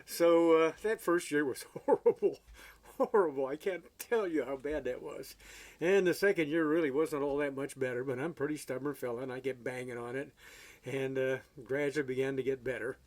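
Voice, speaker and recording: A man telling a story in a casual, folksy way, halting often with fillers, as an amateur songwriter and guitarist. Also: medium pitch, steady tone, a little mellow.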